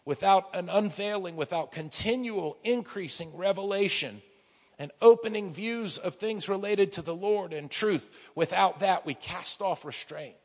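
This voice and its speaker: Male pastor from the United States, husky tone, sermon storytelling that swings from hushed to loud, long hall reverb. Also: high voice, measured pace.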